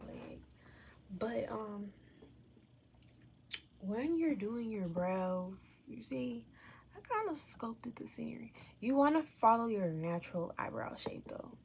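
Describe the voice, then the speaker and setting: A woman's voice: fairly high pitch, expressive, slow, gravelly, a little mellow, a little hiss or hum. A young adult woman casually talking through a makeup tutorial at home, chatty and candid, correcting herself as she goes. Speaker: makeup vlogger.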